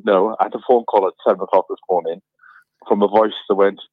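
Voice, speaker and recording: A man's voice: lowish voice, fairly even intonation, quick pace, no room sound. A man chatting casually on a radio show over a phone line, telling jokey everyday stories. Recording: tinny phone line, dry.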